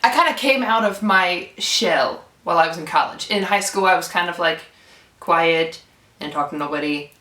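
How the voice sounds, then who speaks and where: A young woman telling a story casually, animated and swearing freely as she acts out what people said. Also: fairly low pitch, normal speed, a little hiss or hum. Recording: echoey room, from a distance.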